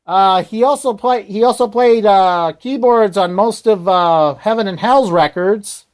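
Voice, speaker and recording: A man's voice: high voice, measured pace. A man hosting a radio show, talking casually in a rambling, hesitant way and often correcting himself.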